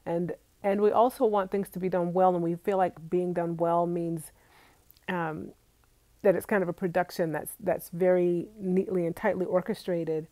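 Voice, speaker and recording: A woman's voice: lowish voice, flat delivery, moderate pace, warm tone, no echo. A young adult woman chatting casually with her viewers from home, reading out live comments and laughing often. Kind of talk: casual live-stream chat.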